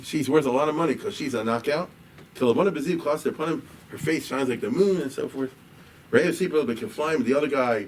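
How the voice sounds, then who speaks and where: Talking a little fast in a medium pitch, a rabbi lectures on a liturgical poem. He goes line by line, reading and then paraphrasing with casual asides and frequent "right?". The recording has a distant mic and faint background noise.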